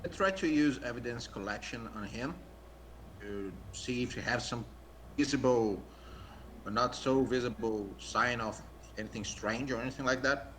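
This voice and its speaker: A man's voice: medium pitch, moderate pace, fairly bright tone, a little hiss or hum. A man playing in a tabletop role-playing game, asking careful questions about the scene. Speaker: player.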